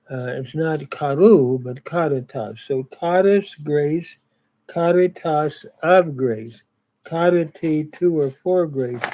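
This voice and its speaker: A man teaching a grammar lesson in a slow, methodical way, pausing on fillers as he goes through word forms. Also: fairly high pitch, dark tone, low-quality recording. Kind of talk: grammar lecture.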